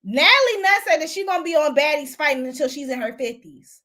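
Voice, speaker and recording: A woman's voice: high-pitched, lively intonation, fast talker, sharp tone. A woman hosting a casual live stream, gossiping bluntly and profanely while she greets and answers viewers. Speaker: host.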